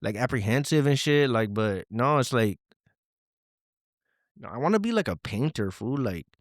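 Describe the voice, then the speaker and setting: A man's voice: mid-range voice, big pitch swings, normal speed, no echo, clean studio sound, natural voice. A man voicing a young, slangy male caller who rambles on about his life, full of fillers. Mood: rambling.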